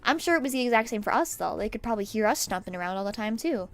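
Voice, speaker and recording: A woman's voice: fairly high pitch, lively intonation, very fast, soft background music. Sick young woman rambling and swearing. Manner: rambling and swearing, with sudden loud outbursts. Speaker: streamer. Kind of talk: casual chat while painting nails. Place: at home at her desk.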